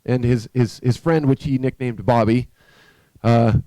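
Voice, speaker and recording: A man preaching in a church, telling a story in a conversational, halting way with frequent restarts. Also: mid-range voice, fairly even intonation, dark tone, no echo. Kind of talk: storytelling sermon.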